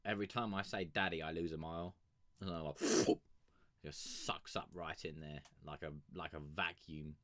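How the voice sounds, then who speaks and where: A man's voice: very deep voice, steady tone, moderate pace, a bit bright, dry recording. A man chatting casually and crudely with his live-stream audience, rambling and joking on a sugar rush. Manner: profane, rambling, joking banter with chat. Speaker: music review streamer.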